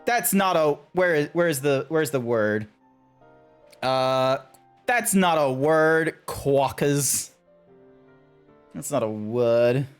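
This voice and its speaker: A man chatting casually to his stream chat as a game streamer, animated and joking. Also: a little high, slow pace, clean tone, soft background music. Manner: animated, chatty, talks to chat, frequent laughs and restarts.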